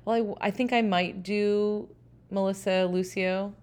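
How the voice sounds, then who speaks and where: A woman's voice: mid-range voice, steady tone, unhurried, darkish tone, clean tone. A young adult woman co-hosting a casual podcast chat. She talks in a rambling, hedging way, with a lot of fillers. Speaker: podcast co-host.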